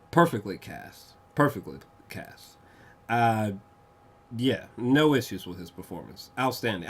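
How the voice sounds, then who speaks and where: A man giving a casual spoken film review, rambling and profane, full of fillers, with bursts of excited gushing. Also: mid-range voice, slightly rough. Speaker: movie reviewer.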